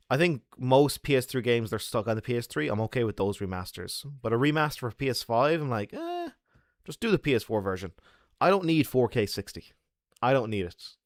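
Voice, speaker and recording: A man streaming games and chatting with his viewers. He tells stories animatedly, with a swooping pitch, sound effects and the odd swear. The sound is dry and close. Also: no room sound. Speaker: game streamer. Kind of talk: casual chat with viewers.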